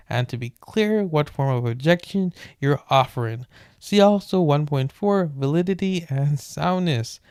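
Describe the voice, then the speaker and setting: A man with a fairly high voice reads a book aloud in a relaxed late-night way. He trips over words and wanders off into joking asides before picking the text back up. The sound is dry and close, with no room echo. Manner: stumbles over words, breaks off into joking rants. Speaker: streamer reading aloud.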